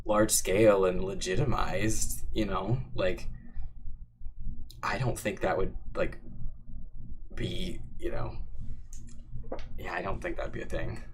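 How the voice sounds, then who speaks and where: A man's voice: low voice, fairly even intonation, slow, long pauses, slight background noise. A man chatting casually on a livestream, rambling and joking with lots of fillers while reading out chat. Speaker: streamer answering chat.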